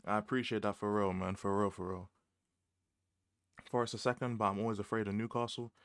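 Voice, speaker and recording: A man's voice: fairly low pitch, brisk, no room sound. Slangy young London man on stream. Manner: slangy and animated, laughs often, repeats phrases. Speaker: livestream host. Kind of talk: casual livestream chat about football.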